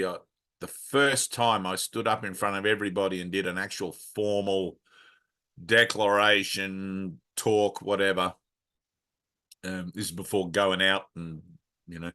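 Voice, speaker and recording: This is a man talking casually about spiritual life. His voice is bright and forceful. He is blunt and earthy, tosses in a curse now and then, and drifts from one aside to the next. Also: on the low side, normal speed. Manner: blunt and frank, swears freely, rambling with many asides. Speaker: spiritual teacher leading a satsang.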